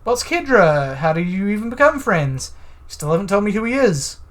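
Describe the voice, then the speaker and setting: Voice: mid-range voice, sing-song, normal speed, pitched above the performer's own voice, lightly acted. A let's-play narrator voicing a brash male detective who questions bluntly and impatiently.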